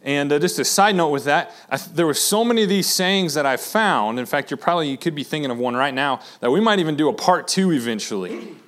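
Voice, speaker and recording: A man in his thirties, a pastor preaching a sermon in a relaxed, conversational way with many fillers and restarts. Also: fairly high pitch, quick pace. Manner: acts out quoted lines with shifting inflection.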